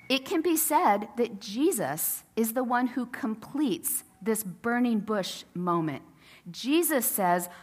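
A woman's voice: mid-range voice, sing-song, a little slow, fairly bright tone. A woman pastor preaching a sermon in a casual, storytelling way, acting out the quotes. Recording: long reverb of a church sanctuary.

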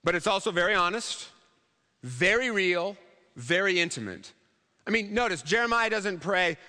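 A man's voice: sits high, sing-song, normal speed, sharp tone, big-room sound. A man preaching a sermon in a church, conversational and humorous, acting out quotes along the way. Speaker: pastor.

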